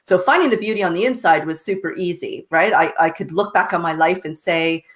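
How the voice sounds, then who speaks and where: A woman's voice: on the low side, brisk. Earnest woman guest, chatty tag questions. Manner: earnest, tags sentences with "right?" and laughs lightly. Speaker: guest, success coach. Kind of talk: casual interview storytelling.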